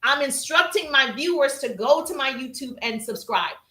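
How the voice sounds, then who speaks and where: A woman teaching social media business strategy on a live stream, energetic and emphatic, calling out to viewers in the chat. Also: sits high, normal speed, reverberant.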